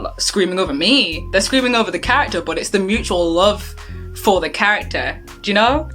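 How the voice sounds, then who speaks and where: A woman cosplayer telling a convention story and giving advice, animated, acting out the voices of the people she quotes. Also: medium pitch, a little fast, soft background music. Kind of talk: anecdote and advice.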